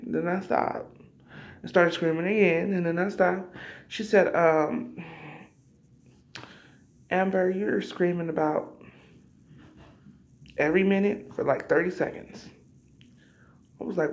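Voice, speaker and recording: A woman's voice: fairly low pitch, a little mellow. A woman vlogger telling a personal story casually to her viewers, acting out scenes with cries and asides. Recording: slightly dull lo-fi audio.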